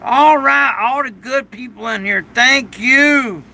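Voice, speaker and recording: An older man with a gravelly voice, rambling through a casual livestream from a shed during a storm, now and then loudly thanking his viewers. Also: very high-pitched, slow, low-quality recording. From United States. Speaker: livestream host.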